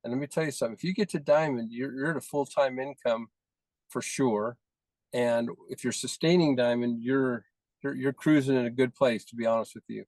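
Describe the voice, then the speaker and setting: A man's voice: medium pitch, steady tone, fairly quick, a little mellow, no echo, poor audio. A man leading a team call, praising members one by one in effusive, repetitive phrases. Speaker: team leader presenting recognitions.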